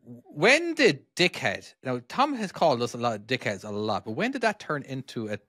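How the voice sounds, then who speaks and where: A man's voice: medium pitch, huge pitch swings, normal speed, bright, forceful tone, no echo. An Irish man chatting on a podcast, wandering through his thoughts and restarting sentences as he goes. His voice sits mid-range and is recorded dry and close, with no room around it. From Ireland. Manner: rambling, restarts often, chuckles easily. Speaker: podcast co-host. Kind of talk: casual chat.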